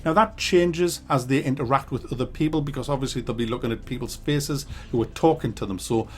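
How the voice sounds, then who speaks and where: A man talking through a game review in a casual, blunt way. He swears freely and rants at times, with a mid-pitched voice. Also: a little fast.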